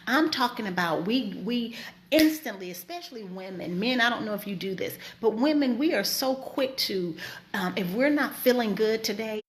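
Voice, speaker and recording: A woman's voice: fairly high pitch, moderate pace, slight background noise. A woman, host and preacher, giving a casual faith talk in an emphatic, colloquial way. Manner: emphatic, colloquial, animated storytelling.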